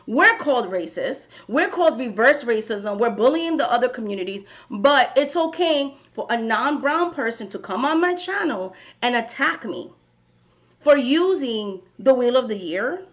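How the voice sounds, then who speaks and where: Fired-up woman tarot vlogger, higher voice. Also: animated, normal speed, a bit bright. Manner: indignant, emphatic, with pointed rhetorical questions. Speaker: tarot reader. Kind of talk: casual vlog monologue to camera.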